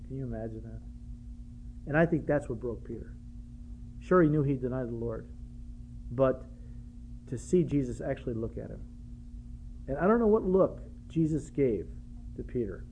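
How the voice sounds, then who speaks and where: A man preaching a conversational sermon in a folksy way, with casual asides, slowing and softening when earnest, then leading a prayer. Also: medium pitch, slight background noise, poor audio. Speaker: pastor.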